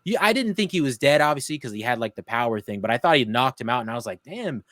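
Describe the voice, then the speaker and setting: A young man hosting a podcast, reviewing a TV episode in an excited, casual way and swearing freely. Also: mid-range voice, quick pace, no echo, clean studio sound. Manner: animated, gushing, swears freely. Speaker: podcast host.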